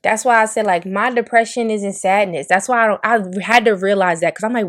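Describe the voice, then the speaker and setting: A woman's voice: medium pitch, a little fast, few pauses, a bit bright. A young adult woman hosting a podcast, talking candidly and emotionally with blunt language and frequent swearing. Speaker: podcast host. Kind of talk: candid monologue.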